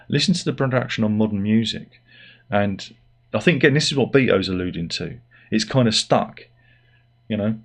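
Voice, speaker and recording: A man's voice: fairly low pitch, lively intonation, a little fast, slightly rough. A middle-aged man giving a rambling, sardonic and self-deprecating opinion monologue as host of his own channel. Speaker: YouTube host.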